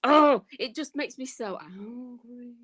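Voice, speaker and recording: A woman's voice: fairly high pitch, takes it slowly, a bit bright, slightly rough. A woman chatting on a panel, blunt and indignant in tone. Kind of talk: casual panel chat.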